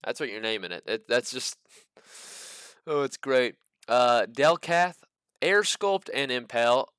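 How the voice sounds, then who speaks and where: A man's voice: mid-range voice, lively intonation, measured pace, a bit bright, clean tone, no room sound, studio quality. A man hosting a casual stock market video, full of joking, incredulous asides. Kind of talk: casual commentary.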